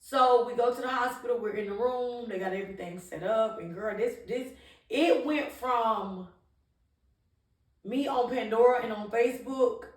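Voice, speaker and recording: A woman's voice: on the high side, moderate pace, distant mic. A woman vlogger candidly telling a personal story in an emphatic, conversational way, often restarting her sentences. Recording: echoey room, voice a little off-mic.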